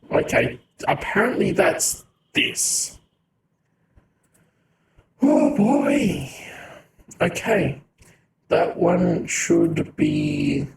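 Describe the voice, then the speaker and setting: Gravelly, slow-talking man playing games. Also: on the high side, background noise. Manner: rambling, self-interrupting. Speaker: let's play host. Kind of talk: casual game commentary.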